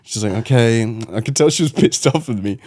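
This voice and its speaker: A man's voice: medium pitch, brisk. A man, a podcast guest, telling a story in casual chat, acting out the quotes and laughing often. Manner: animated, acts out quotes in voices, laughs often.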